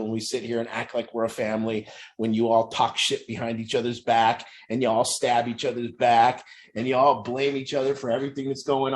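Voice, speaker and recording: A man who works as an addiction recovery coach, talking bluntly and intensely about truth in families and swearing often. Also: medium pitch. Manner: profane, intense, preachy. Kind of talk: blunt motivational talk.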